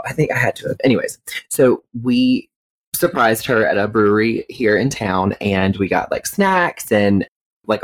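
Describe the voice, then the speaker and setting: A woman co-hosting a podcast, telling an animated story full of fillers and swearing. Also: rumbling low, no echo, low-quality recording. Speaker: podcast co-host. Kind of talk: casual chat, storytelling.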